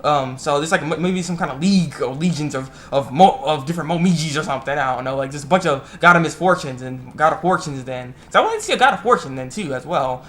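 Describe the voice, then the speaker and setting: A young man casually recapping an anime episode, animated and jumping into quick voices for the characters' lines. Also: a little high, slight background noise. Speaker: anime reviewer.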